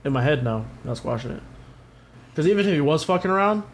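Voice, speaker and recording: A man's voice: a little high, lively intonation, fast talker, slight background noise. Profane storytelling podcast guy. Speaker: podcast co-host. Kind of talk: casual chat.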